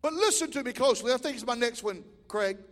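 High-voiced preacher in a hall. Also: male voice, animated, fast talker. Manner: folksy, preaching with rising shouted builds. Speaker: pastor. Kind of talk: sermon. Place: church sanctuary. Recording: church hall reverb.

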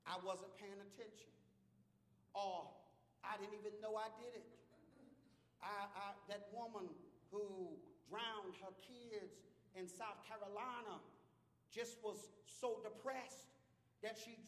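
An impassioned male preacher, his high voice leaping and falling as he moves from hushed storytelling to full-throated shouts. His sermon rings through a church with a long hall reverb. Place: church sanctuary.

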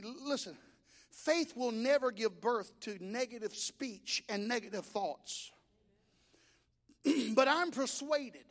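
High-voiced preacher storytelling to a congregation. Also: male voice. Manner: storytelling and exhorting, rising to shouts. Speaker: pastor. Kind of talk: sermon.

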